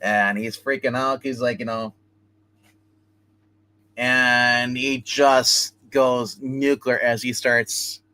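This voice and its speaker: Speaking slowly and smoothly in a mid-range voice, with no room sound, a man hosts a live stream reviewing comic books. He recounts the story casually and animatedly, performing the characters' dialogue.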